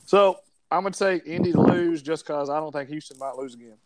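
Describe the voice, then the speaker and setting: Guy rattling thru football games fast, joking around, dry close sound. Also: on the high side, a little mellow, no room sound. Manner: quick, joking, runs the segment. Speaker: host running through the games. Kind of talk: casual sports chat.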